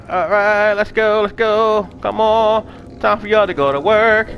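Young male gaming host, loose casual commentary, excitable and swearing, voice a touch high. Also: slow, gravelly, faint music behind. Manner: excitable, yells and swears when startled. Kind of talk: casual let's play commentary.

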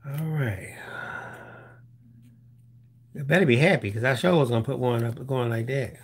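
A man's voice: mid-range voice, moderate pace, slightly rough. A man co-hosting a live crafting stream, chatting while he works, playfully drawing out viewers' names. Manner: playful, drawls out viewers' names, sing-song.

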